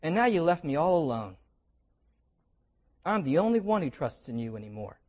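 A man's voice: on the high side, very animated, normal speed, darkish tone. A man voicing a weary male prophet who pleads and complains about being left alone in a cave. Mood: pleading.

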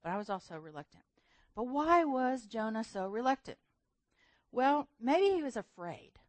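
A woman preaching a sermon, telling a story with lively, acted-out voices and a laugh now and then. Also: a little high, normal speed, no echo.

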